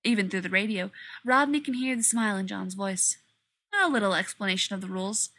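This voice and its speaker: A laid-back male officer who speaks in a casual, offhand way, as a woman reads him. The voice is bright and a touch husky. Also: mid-range voice, dry recording. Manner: relaxed and offhand. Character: easygoing male military officer.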